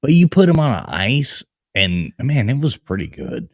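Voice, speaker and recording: A man hosting a live stream and chatting casually, telling lively stories with easy laughs. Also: fairly low pitch, moderate pace, no echo, studio quality. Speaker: host.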